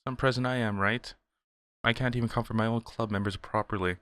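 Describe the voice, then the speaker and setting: A man reading the lines of a gentle, apologetic teenage club president from a visual novel. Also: fairly low pitch, fairly even intonation, fairly quick, voice pushed up, natural voice. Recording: game music behind.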